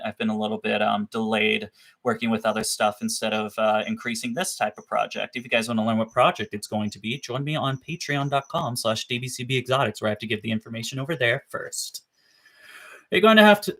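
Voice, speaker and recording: A man's voice: on the low side, creaky, fairly bright tone. A young man chatting casually on a livestream about his reptiles, rambling, swearing freely and laughing at himself. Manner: rambling, profane, self-deprecating. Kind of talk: casual live-stream chat.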